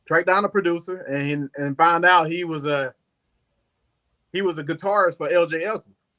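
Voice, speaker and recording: Guy guesting on a talk show, fairly high, bright and forceful voice, loose rambling storyteller. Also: moderate pace. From Southern United States. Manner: rambling, animated, leans on "you know". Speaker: guest musician. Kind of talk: casual storytelling interview.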